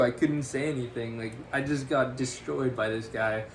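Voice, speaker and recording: A young man co-hosting a podcast tells a story casually and animatedly, laughing often and saying "freaking" a lot. His mid-range voice moves at normal speed over a little hiss or hum.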